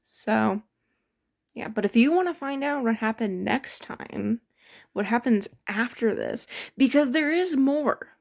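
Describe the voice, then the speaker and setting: A woman with a fairly high voice recaps a tabletop game session. She talks in a loose, rambling way, often breaking into giggles. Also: animated, a little slow, creaky. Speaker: storyteller. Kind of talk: casual storytelling of a tabletop game.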